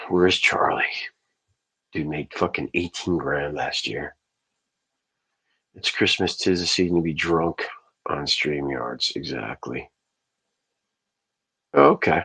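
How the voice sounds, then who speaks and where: Male livestream host, low husky voice, loose profane storyteller. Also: takes it slowly, long pauses, bright, forceful tone. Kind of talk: casual ranting livestream.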